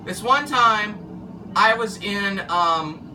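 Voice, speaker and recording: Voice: medium pitch, expressive, extremely slow, far from the mic, background noise. A former car wash worker telling a story casually, rambling and losing track of the thread. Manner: rambling, loses track and restarts.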